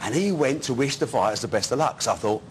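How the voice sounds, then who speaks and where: A man's voice: mid-range voice, animated, fast, slight background noise. An older man, a boxing promoter telling punchy, chuckling anecdotes in an interview. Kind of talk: animated storytelling interview.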